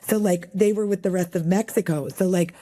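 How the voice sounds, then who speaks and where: A woman's voice: fairly low pitch, fairly even intonation, dark tone. A middle-aged woman from El Paso, Texas, telling stories in a chatty interview with plenty of fillers. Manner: chatty, many fillers, quick storytelling. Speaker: guest, magazine editor. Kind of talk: casual interview conversation.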